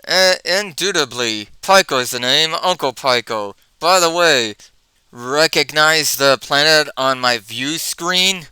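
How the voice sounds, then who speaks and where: A man's voice: a little high, expressive, takes it slowly, bright, forceful tone, smooth, no echo, full character voice, rough recording. A man reading out a smug know-it-all scientist. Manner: smug, wordy.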